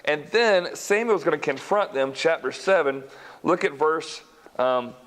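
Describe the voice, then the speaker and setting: A man preaching in church, telling Bible stories and acting out the characters in quick voices. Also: a little high, animated, fairly bright tone. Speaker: pastor. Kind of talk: sermon.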